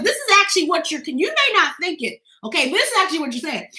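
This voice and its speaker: Woman coach talking to camera, high bright voice, echoey room, acts out little voices. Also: fast talker, hardly any pauses. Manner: animated, acts out quoted voices, repeats okay. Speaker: business coach. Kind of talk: motivational talk to camera.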